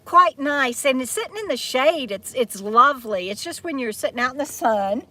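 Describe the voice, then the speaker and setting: Woman vlogger, casual live-stream chat outdoors, rambling and giggly, voice sits a touch high. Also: lively intonation, normal speed, sharp tone. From Texas. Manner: chatty, rambling, laughs often. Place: outdoors in the shade beside an RV.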